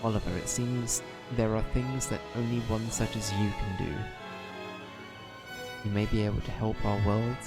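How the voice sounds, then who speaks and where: A wise older sage who speaks formally and gravely, as a streamer reads him out. The voice sits low, with a clear game soundtrack running underneath. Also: male voice, little pitch movement, moderate pace, natural voice. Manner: reading aloud, formal. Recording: game music behind.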